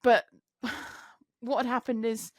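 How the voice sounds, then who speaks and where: A young woman, co-hosting a podcast, telling a work story in casual, sweary chat and mimicking other people in higher voices. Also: level tone, slow, dry recording, studio quality. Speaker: podcast co-host, truck driver.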